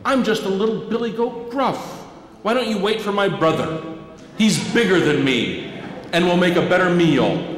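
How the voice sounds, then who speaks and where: A man's voice: high-pitched, expressive, moderate pace, pitched above the performer's own voice. A man doing a small pleading billy goat. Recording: echoey church hall.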